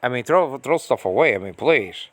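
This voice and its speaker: Alone in a small room at home, an American man rants in a casual monologue, exasperated, repeating himself and full of fillers and restarts. His medium-pitched voice has lively intonation and a moderate pace.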